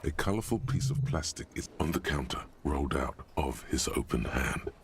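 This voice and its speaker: A gravelly, solemn game narrator. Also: male voice, rumbling low, animated, moderate pace, slight background noise. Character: grave all-knowing male narrator of a detective game. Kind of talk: video game voice-over narration. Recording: game audio with music underneath.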